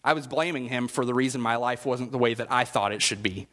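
A man's voice: medium pitch, fast talker, a bit bright, big-room sound. A man preaching a sermon in a conversational, chatty way and asking the congregation questions. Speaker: pastor.

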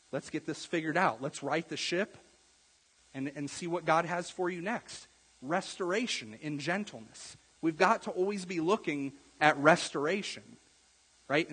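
A man preaching a sermon as a pastor, earnest, getting louder on key points and then dropping soft. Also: a little high, slightly rough. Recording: long echo of a large hall.

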